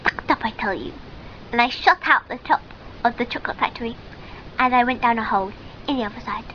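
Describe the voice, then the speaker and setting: A woman's voice: on the high side, brisk, dull audio, slight background noise. A woman telling a comic sketch in character, rambling and giggly, with many ums and restarts.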